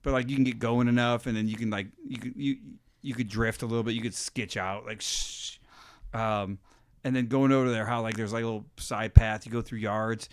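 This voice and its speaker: A man's voice: medium pitch, steady tone, fairly quick, smooth, no echo, studio quality. A young adult man co-hosting a podcast, telling loose, rambling stories full of "like" and "dude". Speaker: podcast co-host. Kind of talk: casual chat.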